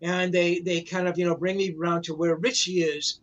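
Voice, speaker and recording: A man's voice: sits high, flat delivery, a little fast, muffled recording. A man in his sixties, a rock journalist, telling a long rambling anecdote in a casual way, full of "you know, man" fillers, over a video call.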